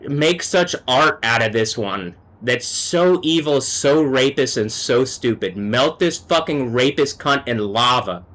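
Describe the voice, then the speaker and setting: A man on a live stream, talking alone in an agitated, profane rant that swings between low muttering and yelling. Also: lively intonation, slow, few pauses. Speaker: livestreamer.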